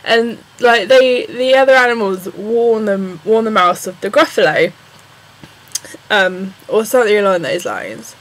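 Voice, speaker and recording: A young woman with an English accent, chatting excitedly and rambling through a casual vlog with plenty of ums. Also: mid-range voice, unhurried, poor audio. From England. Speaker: vlogger.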